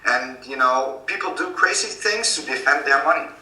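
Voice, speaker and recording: Earnest Dutch-accented man, bright and distant. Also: mid-range voice, expressive, moderate pace. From Netherlands. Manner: earnest, urgent warnings, many fillers. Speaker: guest. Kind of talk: remote interview. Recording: roomy, distant call audio.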